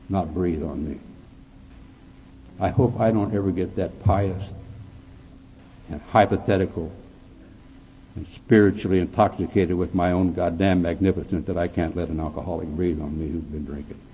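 Gruff guy telling his sobriety story at a meeting, darkly funny, sounds like an old phone recording. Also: sits low, long reverb tail. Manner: blunt, gruff storytelling with dark humor. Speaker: AA speaker. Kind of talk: recovery meeting talk. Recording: tinny phone-like recording with faint hiss.

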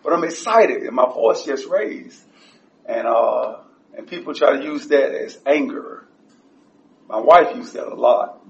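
A man giving a blunt, profane personal share at a support meeting, his voice rising whenever he gets excited. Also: mid-range voice, a little slow, vocal fry, a little hiss or hum. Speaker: recovery group member sharing. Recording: echoey room, distant dull mic.

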